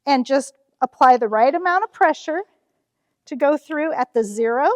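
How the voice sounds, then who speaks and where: A woman's voice: sits high, animated, normal speed, a little mellow, no room sound, long reverb tail. A woman, demonstrating a quilting ruler at her shop in a friendly, chatty way with frequent fillers. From Nebraska, US. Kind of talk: casual how-to demonstration. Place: quilt shop cutting table.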